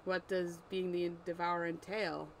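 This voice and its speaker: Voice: mid-range voice, flat delivery, moderate pace, a little hiss or hum, lightly acted, poor audio. Nervous young mortal guy, stammery but pushy with questions, read by the narrator, homemade reading. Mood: probing. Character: nervous young mortal man, earnest and probing.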